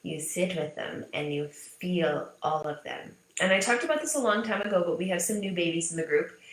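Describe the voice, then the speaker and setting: A woman's voice: lowish voice, fairly bright tone. A woman in her thirties, a business mindset coach, talking casually and candidly to her audience, swearing freely and repeating points for emphasis. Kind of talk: casual motivational talk to camera. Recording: echoey room.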